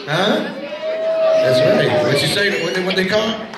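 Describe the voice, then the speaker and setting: Man, higher register, youth preacher: playful, laughing, hypes the crowd with call-and-response; roomy church sound. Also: normal speed, very noisy. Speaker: Christian hip-hop minister. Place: large church at a youth event. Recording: echoey church hall with crowd. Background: crowd reacting.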